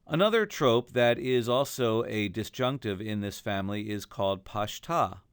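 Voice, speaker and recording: A man's voice: fairly low pitch, animated, moderate pace, clean tone, no room sound, studio quality. A man teaching a recorded lesson on chanting Torah trope, explaining each mark and then singing the examples.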